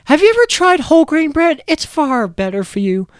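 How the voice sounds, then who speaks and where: Man putting on a prim high-voiced cactus girl. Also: very animated, moderate pace, no echo, studio quality. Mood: preachy. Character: prim preachy young female cactus girl.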